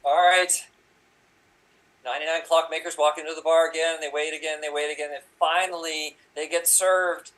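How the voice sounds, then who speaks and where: A man performing in an improv comedy show, telling jokes in a rambling, halting way. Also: fairly high pitch, little pitch movement, fairly bright tone, rough recording.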